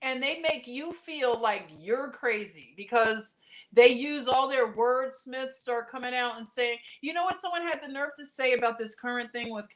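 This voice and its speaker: A woman with a somewhat high voice chats casually as a podcast co-host. She tells stories animatedly and slips into other people's voices as she goes. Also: moderate pace. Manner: animated storytelling, acting out other people's reactions. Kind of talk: casual conversational podcast chat.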